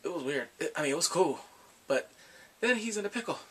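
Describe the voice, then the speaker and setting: A man casually recapping drama episodes in a rambling, excitable way, gasping and laughing as he goes. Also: on the high side, fairly quick, husky. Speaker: drama reviewer.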